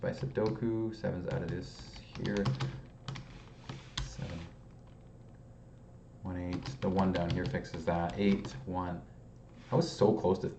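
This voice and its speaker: A man's voice: low-pitched, gravelly, a little mellow, reverberant, slight background noise. A young Canadian man talking through a puzzle game, muttering numbers to himself and apologizing sheepishly. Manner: mutters digits, apologetic and self-mocking. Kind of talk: casual solving commentary.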